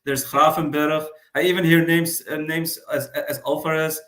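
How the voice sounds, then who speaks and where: A man joins a fan panel from an echoey room. His voice sits a bit high. He speaks thoughtfully, pausing often with fillers. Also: level tone, a bit bright. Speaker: guest fan pundit. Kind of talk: casual panel discussion. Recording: roomy echo.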